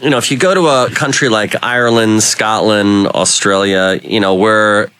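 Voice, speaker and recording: A man's voice: lowish voice, moderate pace, fairly bright tone, clean tone. A man from Rhode Island hosting a talk radio show, telling stories in a rambling way with many fillers. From Rhode Island, United States. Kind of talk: casual talk radio chat.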